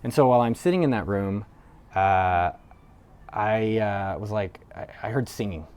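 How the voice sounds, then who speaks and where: Host, male, slightly low voice, telling a raw personal story in a casual, rambling way. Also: normal speed, a little mellow, clean tone. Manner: loose and conversational, with frequent "like" fillers and casual swearing. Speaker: entrepreneur video host. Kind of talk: candid personal storytelling to camera.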